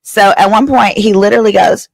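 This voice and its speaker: A woman's voice: mid-range voice, a little fast, vocal fry, no room sound, clean studio sound. A woman in her thirties, an attorney hosting her show, telling a funny personal story at home and acting out the other people's lines. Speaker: attorney and host. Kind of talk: casual comedic storytelling. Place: at home, her father's house.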